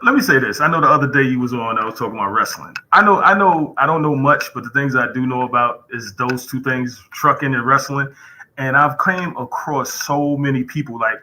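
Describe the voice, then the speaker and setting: A man's voice: mid-range voice, a little fast, sharp tone, slight background noise, low-quality recording. A man chatting as a podcast guest, laid-back and rambling, with street slang. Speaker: podcast guest, truck driver. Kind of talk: casual chat.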